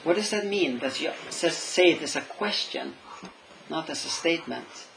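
A man's voice: fairly high pitch, animated, moderate pace, creaky, background noise. A man preaching a sermon in English, which is not his first language, thoughtful and stopping to search for words. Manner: thoughtful, searching for words, asks questions aloud.

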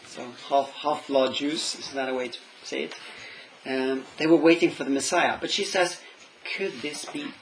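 A man's voice: medium pitch, normal speed, a little hiss or hum, poor audio. A man preaching a sermon in English, which is not his first language, thoughtful and stopping to search for words. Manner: thoughtful, searching for words, asks questions aloud.

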